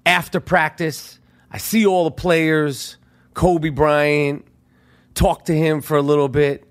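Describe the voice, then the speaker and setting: A middle-aged man hosting a podcast, telling a story in a profane, animated monologue that swings between loud outbursts and hushed asides. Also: a little high, takes it slowly. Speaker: podcast host.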